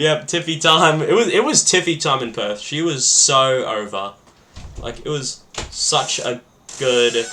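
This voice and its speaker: A man chats on his own podcast in a bright, forward voice. He rambles and restarts, piling on fillers as he gets excited. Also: medium pitch. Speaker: podcast host. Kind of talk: casual solo podcast chat.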